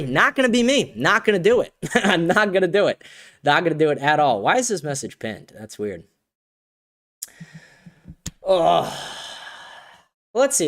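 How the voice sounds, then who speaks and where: Rambling high-voiced young man streaming. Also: a bit bright. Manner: rambling, profane, laughs often, many fillers. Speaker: livestream host reading chat. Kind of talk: casual livestream chat.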